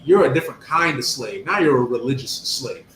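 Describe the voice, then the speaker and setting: A man's voice: medium pitch, expressive, fairly quick, fairly bright tone, slight background noise. A man chatting in a religious discussion, speaking bluntly and dismissively. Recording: echoey room.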